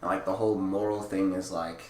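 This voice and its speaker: A young man co-hosting a casual podcast, telling stories in a rambling way, full of "like" and quick laughs. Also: deep voice, flat delivery. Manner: rambling storytelling, heavy "like" filler, laughs often. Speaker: podcast co-host. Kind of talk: casual chat. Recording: echoey room with faint ambience.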